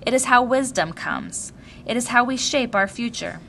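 A woman reading a weary, gentle old man. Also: on the high side, normal speed, creaky, slight background noise, pitched above the performer's own voice. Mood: solemn.

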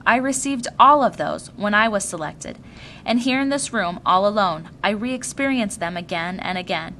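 A woman reading a weary, gentle old man. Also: mid-range voice, lively intonation, moderate pace, a little hiss or hum, close to an everyday voice. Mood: solemn.

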